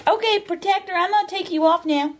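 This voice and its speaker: A woman's voice: extremely high pitch, a little fast, slight background noise. A woman playing a tabletop role-playing game, sweet and delighted. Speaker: player. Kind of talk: casual tabletop play.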